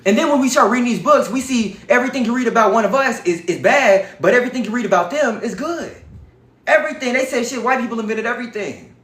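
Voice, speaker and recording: A man's voice: extremely high pitch, expressive, quick pace, a bit bright, reverberant. A man giving an impassioned livestream lecture, talking to his viewers in an emphatic, profane and repetitive way. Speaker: livestream speaker on history.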